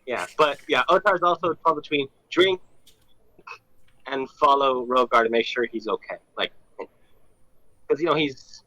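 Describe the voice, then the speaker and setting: A man's voice: mid-range voice, a little slow, long pauses, sharp tone, no echo, poor audio. A man playing in a tabletop role-playing game, talking hesitantly with many ums. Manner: hesitant, lots of ums and kindas. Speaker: player. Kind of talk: casual tabletop role-play.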